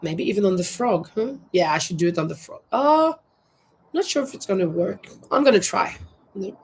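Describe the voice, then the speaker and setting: A woman's voice: mid-range voice, expressive, brisk, slight background noise, low-quality recording. A woman hosting a crochet livestream on a terrace, chatting casually and reading viewer comments aloud as she works. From Norway. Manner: chatty, reads viewer comments aloud, thinks out loud while working. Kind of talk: casual live chat while crocheting. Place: outdoor terrace.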